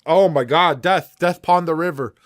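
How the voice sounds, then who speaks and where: A man's voice: on the high side, normal speed. A man with a Canadian accent hosting a reaction video, chatting casually and addressing viewers as guys.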